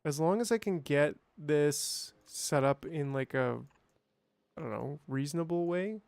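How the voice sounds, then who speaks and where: A man's voice: a little high, a little slow, gravelly, darkish tone, no echo. A man streaming a game, chatting casually and thinking aloud, with playful sound effects. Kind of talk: casual gameplay livestream chat.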